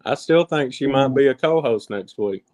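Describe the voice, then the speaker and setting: A man chatting as a guest co-host, making deadpan jokes. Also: medium pitch, moderate pace. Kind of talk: casual livestream chat.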